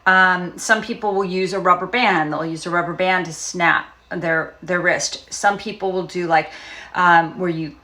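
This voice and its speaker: A woman speaking as a trauma recovery coach, talking casually and gently with frequent fillers and pauses. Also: on the low side, steady tone. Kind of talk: casual self-help talk.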